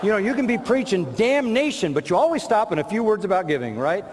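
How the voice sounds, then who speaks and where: A man delivers a sermon in a fairly high voice, firing rhetorical questions and repeating short punchy lines for emphasis. His voice rings out with the long reverb of a large hall. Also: sing-song, quick pace, a little hiss or hum. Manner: rhetorical, quotes imagined objectors and answers them. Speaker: preacher.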